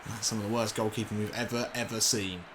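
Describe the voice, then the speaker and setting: Excitable man commentating gameplay. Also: fairly low pitch, fast, noisy background. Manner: excitable, swears and shouts in frustration. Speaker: gaming commentator. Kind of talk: let's play football game commentary.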